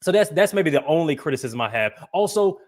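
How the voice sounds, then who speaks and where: A man's voice: fairly high pitch, lively intonation, a little fast. A man from Atlanta hosting a casual podcast, chatty and full of fillers. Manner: chatty, fillers, laughs while talking. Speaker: podcast host.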